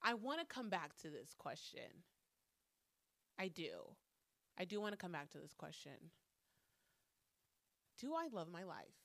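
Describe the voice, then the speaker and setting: A woman telling a personal story straight to her viewers in a casual, animated way, swearing freely and breaking into loud exclamations. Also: on the low side, measured pace, vocal fry, long pauses, no echo. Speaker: vlogger.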